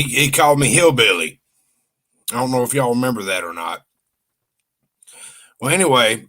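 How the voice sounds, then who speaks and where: A man co-hosting a live stream, chatty and folksy. He tells his story slowly and easily. His voice sits at an ordinary pitch. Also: fairly bright tone. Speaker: co-host. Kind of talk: casual live stream chat.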